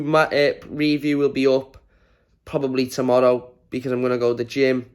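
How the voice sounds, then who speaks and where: Tired angry guy doing a match reaction rant, swearing, mid pitch, running on no sleep. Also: completely flat delivery, moderate pace, smooth. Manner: frustrated, exasperated and swearing. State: exhausted from little sleep. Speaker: fan channel host.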